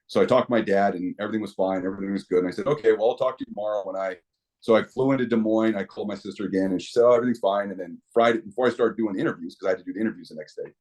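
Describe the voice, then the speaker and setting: A man's voice: on the low side, racing, a little mellow. A middle-aged man talking as a podcast guest, telling stories animatedly with many restarts. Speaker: podcast guest, equipment company owner. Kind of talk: casual interview talk.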